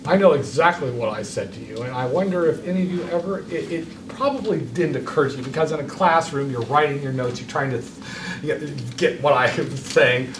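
A man's voice: fairly high pitch, brisk, distant mic, a little hiss or hum. Impassioned male lecturer in an echoey classroom. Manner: impassioned, rhetorical, addressing students directly. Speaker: economics lecturer. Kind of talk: university lecture.

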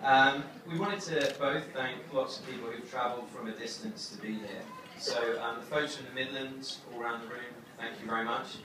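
A young man giving his wedding toast as the groom, halting with many fillers and fighting back tears. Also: medium pitch, steady tone. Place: wedding reception hall. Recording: echoey hall from far off, crowd noise.

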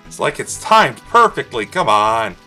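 Casual gaming host, playful and jokey, animated delivery that jumps around in pitch. Bright tone, faint game music underneath. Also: male voice, a little slow. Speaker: let's play host. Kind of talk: casual gameplay commentary.

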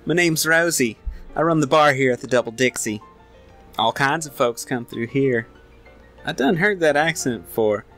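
A man's voice: medium pitch, expressive, normal speed, a bit bright, faint music behind, lightly acted. A man voicing a tough old woman who runs an Old West saloon, talking in a drawling frontier twang. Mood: folksy.

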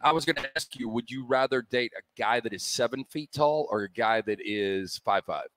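A man's voice: mid-range voice, normal speed, fairly bright tone, faint music behind. A man co-hosting a sports talk show, playful and casual, asking teasing questions.

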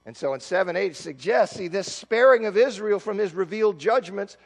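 Man preaching a sermon, high voice, emphatic, echoing sanctuary. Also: expressive, a little fast, vocal fry. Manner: expository preaching, rises to emphatic high bursts. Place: church sanctuary. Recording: long church reverb.

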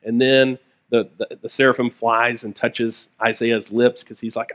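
A man's voice: mid-range voice, flat delivery, measured pace. Man preaching a sermon, muffled sound. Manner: conversational storytelling with casual asides. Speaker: pastor. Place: church.

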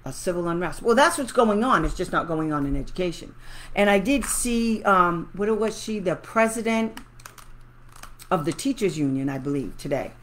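Woman, special education advocate vlogger, heated indignant rants, casual livestream chat, lowish voice. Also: expressive, normal speed. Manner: chatty and pleading with viewers. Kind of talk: casual livestream talk to viewers.

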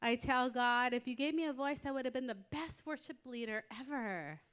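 A middle-aged American woman preaching a sermon in a church, telling stories in a lively way and building to emphatic exhortation. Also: high-pitched, normal speed, clean tone. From United States. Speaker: women's conference speaker. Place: church sanctuary.

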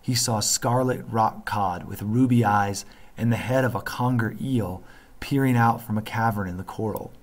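Low-voiced man reading a story to a class. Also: normal speed. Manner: steady narration with thinking-aloud asides. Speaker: teacher reading aloud. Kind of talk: classroom read-aloud.

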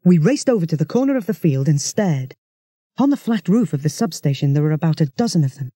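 A narrator tells a children's story in a chatty first-person voice. The tone is mellow and close, with a dry, dead sound. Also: medium pitch, very animated, fast, slightly rough, no room sound. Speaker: audiobook narrator.

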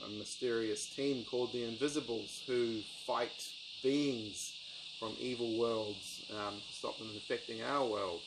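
A man chats through his book collection in a loose, rambling way, full of ums and restarts. His voice sits at an ordinary middle pitch. Crickets and outdoor ambience come through clearly behind him. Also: noisy background. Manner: rambling, enthusiastic, lots of ums. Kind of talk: casual book review vlog.

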